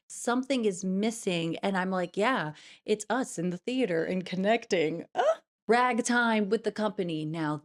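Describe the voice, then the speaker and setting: Woman theater vlogger, chatty, keeps apologizing for her opinions, mid-pitched voice. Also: darkish tone. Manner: chatty, apologetic, addresses viewers as darlings. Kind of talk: casual reaction commentary.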